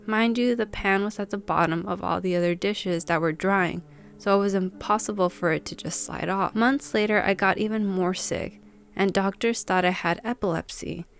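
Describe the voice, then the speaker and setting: A woman hosting a channel, reading viewers' submitted stories aloud and chatting casually about them. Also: mid-range voice.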